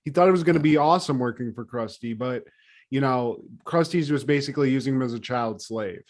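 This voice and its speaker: A man's voice: medium pitch, brisk. A man co-hosting a podcast, recapping a cartoon episode in loose, profane casual chat and laughing often. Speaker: podcast co-host.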